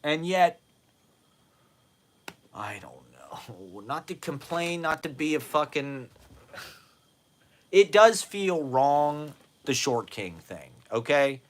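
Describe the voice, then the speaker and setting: A man's voice: on the high side, sing-song, takes it slowly, long pauses. A man in his forties from the United States, rambling in a self-deprecating, profane monologue and laughing often, at times drifting away from the mic.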